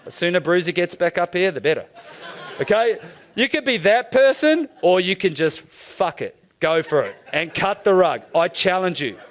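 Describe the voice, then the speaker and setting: A man giving a keynote talk to a live audience. He talks casually, swears, and urges the crowd to dance and shout. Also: high-pitched, expressive, normal speed. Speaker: keynote speaker. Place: event room with audience.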